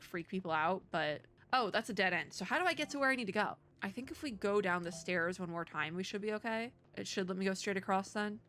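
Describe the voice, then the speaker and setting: Chatty woman streamer reading game text. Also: fairly bright tone. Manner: chatty and curious, laughs often, thinks aloud with quick pitch jumps. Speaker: streamer playing a story game. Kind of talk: casual gameplay commentary, reading on-screen text aloud.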